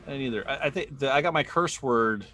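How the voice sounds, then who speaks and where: A man's voice: medium pitch, fast, bright, forceful tone, a little hiss or hum. An American man co-hosting a live podcast, chatting casually in a rambling way with lots of restarts and fillers. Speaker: podcast co-host. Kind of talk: casual live-stream chat.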